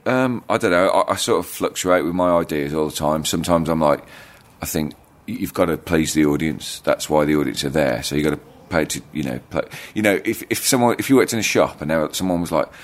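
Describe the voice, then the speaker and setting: Very low-voiced rambling man. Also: brisk, few pauses. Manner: thinking aloud, hesitant, rambling. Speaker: comedian guest. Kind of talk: casual chat.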